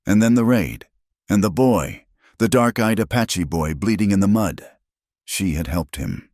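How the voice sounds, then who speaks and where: A man's voice: on the low side, lively intonation, unhurried, a little mellow, no echo, clean studio sound. A man narrating a frontier story in a dramatic, emphatic scripted style.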